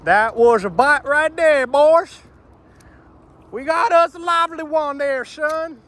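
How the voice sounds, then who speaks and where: A man's voice: very high voice, slow, a bit bright, pitched above the performer's own voice, heavily acted. A man putting on a folksy Southern US angler voice, drawling and hollering at the fish. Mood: excited drawl. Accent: Southern US (put on).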